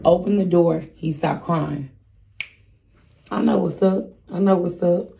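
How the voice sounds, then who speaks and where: A woman's voice: fairly low pitch, unhurried, gravelly, mellow, slight background noise. A woman in her thirties telling a storytime vlog in casual chat, candid and chatty, speaking straight to her viewers. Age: 30s. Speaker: vlogger.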